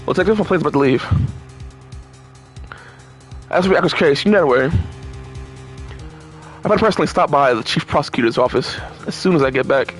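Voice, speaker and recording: Male gamer with a high, very animated voice, ranting and swearing through casual game commentary, faint music behind. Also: normal speed, long pauses. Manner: profane, exasperated ranting with stumbling restarts. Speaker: gamer reading and reacting to game dialogue.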